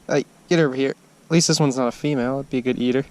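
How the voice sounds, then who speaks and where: An excitable man talking casually to the camera, outdoors on a frozen lake, with a faint outdoor hush behind him. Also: medium pitch, very fast. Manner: excitable, exclaims loudly when he lands a fish. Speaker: angler filming his fishing trip. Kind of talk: casual running commentary.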